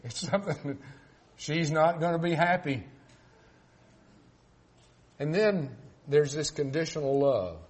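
An older man preaching a folksy sermon, joking and swinging between loud and soft. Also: on the high side, lively intonation, measured pace, pauses often.

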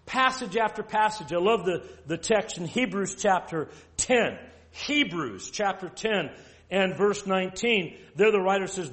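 High-voiced man preaching emphatically. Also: sing-song, fairly bright tone. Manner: emphatic, rhetorical questions, reads scripture slowly. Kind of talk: sermon.

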